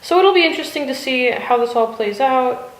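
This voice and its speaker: A woman's voice: high voice, animated, fairly quick, a little hiss or hum. A woman from the United States chatting casually and rambling in her art studio, with lots of fillers and the odd swear word. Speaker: vlogger. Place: cold home art studio. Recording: echoey room.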